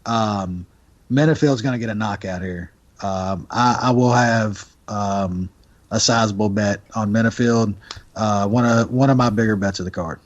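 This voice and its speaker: A man's voice: lowish voice, normal speed. A man co-hosting a podcast, talking bets in a blunt, profane, emphatic way. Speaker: podcast co-host. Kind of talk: casual sports betting chat. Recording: dull lo-fi sound.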